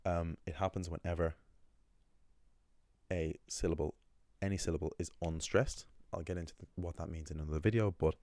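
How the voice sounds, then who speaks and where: An Irish man teaching a language lesson in a relaxed, thinking-aloud way, with ums and quick self-corrections. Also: deep voice, dry recording. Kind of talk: casual explainer lesson.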